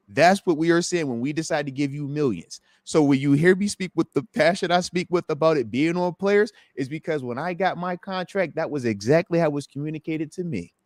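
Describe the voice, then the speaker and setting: A man's voice: fairly high pitch, no echo, studio quality. A man, a former pro football player, talking football with passion on a live podcast and acting out voices of players and fans. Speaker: former NFL player and guest analyst.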